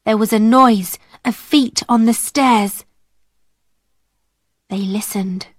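A woman narrating a graded-reader storybook in a slow, clear, careful way. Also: on the high side, no room sound, clean studio sound. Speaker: audiobook narrator.

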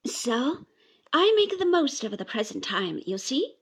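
A woman voicing a gentle, devoted young woman who speaks softly and goes high when upset. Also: sing-song, a little slow, slightly rough, exaggerated voice.

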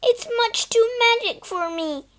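Woman reader doing a timid little girl, very high whine, fearful, storybook. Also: big pitch swings, measured pace, exaggerated voice. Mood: fearful whiny. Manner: high whiny protesting.

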